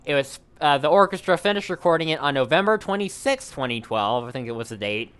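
A man with a smooth, resonant, somewhat high voice tells a long story on a casual podcast. He rambles and restarts often, piling up fillers as he goes. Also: animated, fast, fairly bright tone.

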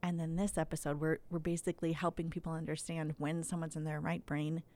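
A woman hosts a casual podcast chat, steering the talk with lively energy. Her voice sits somewhat low and sounds dry and close. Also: brisk, no echo. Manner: lively, laughs often, leads the talk. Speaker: podcast host.

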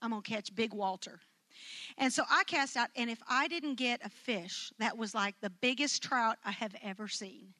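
An animated woman telling a personal story to a live audience. Her voice sits high and bright, and it leaps even higher when she acts out quotes. She laughs her way through the funny parts. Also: normal speed. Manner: animated, acts out quotes with big jumps in pitch.

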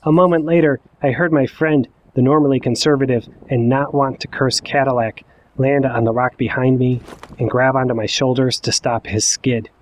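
A man in his forties telling a personal story in the first person, with wry, self-mocking, deadpan asides. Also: mid-range voice, normal speed. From Ohio. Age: 40s. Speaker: narrator.

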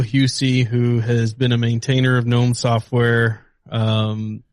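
A man's voice: medium pitch, no room sound. A man co-hosting a podcast, talking tech in a rambling, opinionated way with lots of fillers. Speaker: podcast co-host. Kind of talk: casual tech chat.

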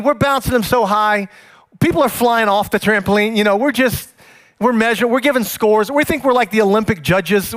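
A man who is a pastor, telling personal stories in a sermon and acting out the scenes with animated energy. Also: sits high.

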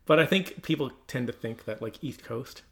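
A man's voice: mid-range voice, normal speed, fairly bright tone. A man, co-hosting a podcast in chatty, casual talk and laughing easily. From Newfoundland, Canada. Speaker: podcast co-host. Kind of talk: casual chat.

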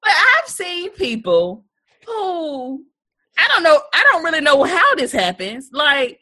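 Young woman co-host, high bright voice, slightly husky, animated ranter. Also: a little slow. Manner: animated, rants with playful mock quotes. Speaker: podcast co-host. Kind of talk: casual chat.

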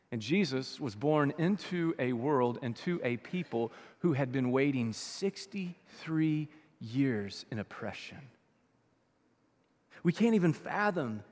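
A man with a high voice preaches a sermon in a church, his words trailing off into a long hall reverb. He talks in a chatty, animated way and jumps between loud, punchy bursts and soft, quiet asides. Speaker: pastor. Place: church sanctuary.

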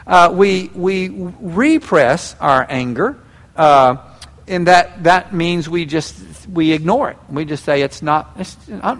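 Animated pastor in a reverberant hall. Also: male voice, on the high side, unhurried. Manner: folksy, animated, acts out little scenes. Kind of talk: sermon.

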